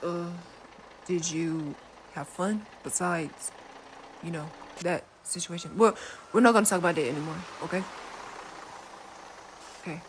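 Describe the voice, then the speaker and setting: Killua, laid-back. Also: female voice, on the low side, measured pace, long pauses, a little hiss or hum. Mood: gentle. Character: Killua, a cool teenage boy, easygoing and teasing. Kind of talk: fan role-play.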